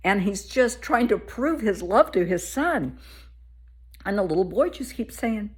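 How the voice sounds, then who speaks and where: A woman in her fifties, a therapist, telling an everyday story to camera in an animated, earnest way. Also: mid-range voice, a little slow, breathy edge. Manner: animated, warm-hearted storyteller.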